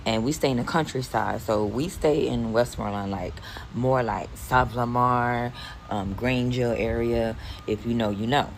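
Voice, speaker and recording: A woman's voice: a bass voice, moderate pace, a little hiss or hum, poor audio. A woman in her forties from Philadelphia, telling a casual storytime with lots of swearing. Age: 40s. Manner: animated, profane, rambling.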